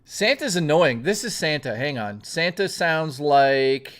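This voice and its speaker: Bright, loose-talking young male streamer. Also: a little high, sing-song, a little slow. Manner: loose, profane, reads viewer messages aloud and riffs on them. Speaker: livestreamer. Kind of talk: casual live stream chat.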